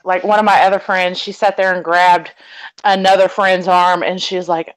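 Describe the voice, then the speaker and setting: A woman's voice: lowish voice, little pitch movement, moderate pace, smooth, low-quality recording. Sassy Texan woman telling stories. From Texas. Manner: sassy storyteller, sweetly cutting. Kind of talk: casual chat.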